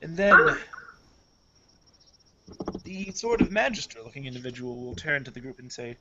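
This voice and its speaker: A man's voice: mid-range voice, very animated, moderate pace, pauses often, pushed and bright, a little hiss or hum. Casual male game master, lo-fi. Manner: casual, with frequent hedging fillers. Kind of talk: narrating a tabletop game. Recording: dull lo-fi audio.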